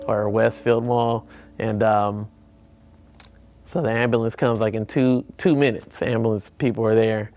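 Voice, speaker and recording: A man sharing a personal testimony, animated, acting out the people in his story with big jumps in his voice. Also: medium pitch, unhurried, long pauses. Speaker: church member sharing testimony.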